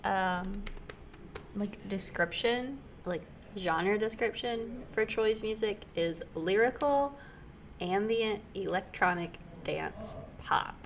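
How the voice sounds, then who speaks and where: A young woman co-hosting a music podcast, running through facts in relaxed casual chat with fillers, on a desk mic in a small studio. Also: mid-range voice, slow pace, slight background noise. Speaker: podcast co-host. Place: small studio in a dorm basement. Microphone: desk microphone.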